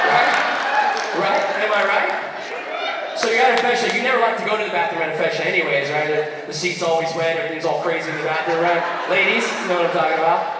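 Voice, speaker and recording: A young man from the United States performing stand-up comedy, animated and punchy, asking the crowd for agreement. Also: on the high side, very noisy. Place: large theater stage. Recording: echoey theater from far off, loud audience.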